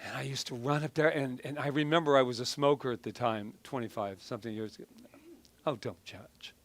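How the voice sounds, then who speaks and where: A man's voice: mid-range voice, fairly even intonation, a little fast, a bit bright. A middle-aged man preaching a casual, conversational sermon, telling personal stories in a chatty, self-deprecating way with frequent restarts. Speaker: minister.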